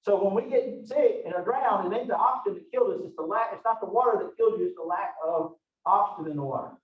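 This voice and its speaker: A man's voice: high-pitched, quick pace. Man, folksy chatty lecture, distant mic, echoey muffled classroom. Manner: folksy and chatty, Southern phrasing. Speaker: college anatomy and physiology instructor. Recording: echoey, distant, dull lo-fi room recording.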